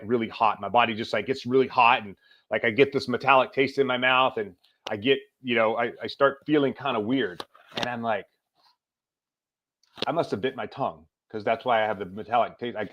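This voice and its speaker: A middle-aged man at a medium pitch tells a story on a podcast, casual and animated, playing out the voices in it. A faint hiss of noise sits under his voice. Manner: animated, acts out quoted lines. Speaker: podcast guest.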